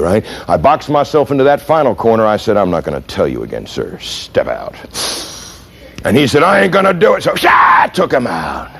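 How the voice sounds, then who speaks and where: Lively american guy lecturing cops, quick and punchy, throws questions at the crowd. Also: a little high. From United States. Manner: animated, punchy storyteller who asks the audience questions. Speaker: police trainer and lecturer. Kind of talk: storytelling lecture.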